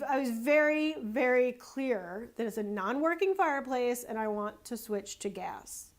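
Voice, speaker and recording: Brief: woman, higher-pitched, photographer telling a fed-up sales story, emphatic and animated. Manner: animated, exasperated, emphatic repetition. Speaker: photographer and small business owner. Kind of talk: casual storytelling sales advice.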